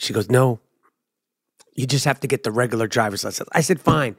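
A middle-aged man telling a profane comic story, swearing often and mimicking other people in a high excited voice. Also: brisk, gravelly, husky, no echo, studio quality.

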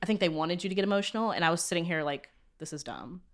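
A young woman talking quickly in a fairly low voice, chatting casually as a podcast co-host. She tells animated stories and acts out what people said. Her asides trail off softly. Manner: animated storyteller, quotes people in voices, drops soft asides. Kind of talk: casual chat.

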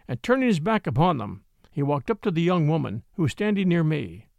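A man narrating a classic novel in a scripted, expressive audiobook reading. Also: on the high side, fairly quick, vocal fry, no echo. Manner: lively, expressive storytelling. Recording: dry close recording.

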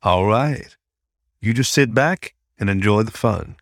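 A playful older rabbit teacher, voiced by a male narrator, low and relaxed. He teases in a folksy, easygoing drawl. The reading is close and dry. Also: measured pace, no room sound. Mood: teasing.

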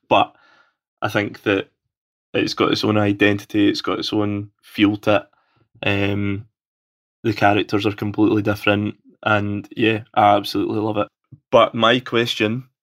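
A man's voice: fairly low pitch, fairly bright tone. A man from Scotland with a Scottish accent, leaving an eager, chatty call-in message as a fan. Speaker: caller.

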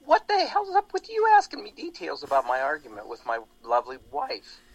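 A man's voice: a little high, huge pitch swings, brisk, breathy edge, low-quality recording. A man hosting a talk show, rambling animatedly with lots of restarts in casual political chat. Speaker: radio show host.

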